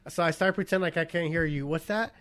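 A man's voice: a little high, fairly even intonation, racing, a bit bright, clear, resonant tone. A man in his thirties telling a bar story in casual chat, acting out the quotes, laughing and swearing freely. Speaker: podcast co-host.

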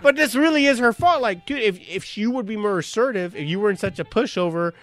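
Profane, animated man telling a story. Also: sits high, fast talker. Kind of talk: casual chat.

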